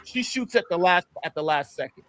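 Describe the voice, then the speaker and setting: A man's voice: high-pitched, lively intonation, a little fast, fairly bright tone, no room sound. A man hosting a casual panel discussion, laying out an argument point by point. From New York. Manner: argumentative, builds a case point by point. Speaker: panel host.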